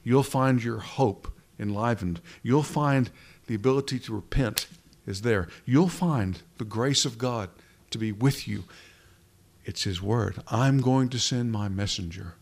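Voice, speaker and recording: A man preaching a sermon into a pulpit microphone, slowing down for emphasis and sometimes dropping to a hush. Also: mid-range voice. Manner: dramatic preaching, slows down for emphasis, drops to a whisper at times.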